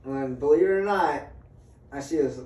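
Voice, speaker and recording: A man with a somewhat high, slightly mellow voice recounts a story to friends at normal speed, swearing without restraint and acting out people's lines. The audio is roomy, from a distant microphone, with faint ambience.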